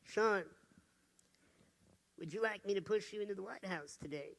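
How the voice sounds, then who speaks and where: Casual: guy putting on a laid-back male president, soft and buddy-buddy, a bit gravelly. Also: high voice, normal speed. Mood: friendly. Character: friendly male president greeting a pal.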